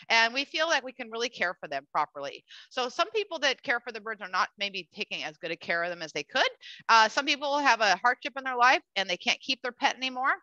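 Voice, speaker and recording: A woman hosting a live educational bird show for children, chatty and animated, cooing at the bird and talking to the audience. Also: a little high, no echo. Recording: dull lo-fi dry sound.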